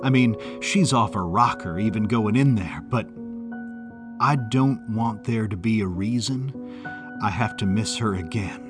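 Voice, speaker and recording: A man's voice: fairly low pitch, measured pace, music in the background, natural voice. A man reading an audiobook and voicing an agitated young man who stammers and pushes his point. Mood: worried. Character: young man, rattled and hot-tempered brother. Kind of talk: audiobook character voice.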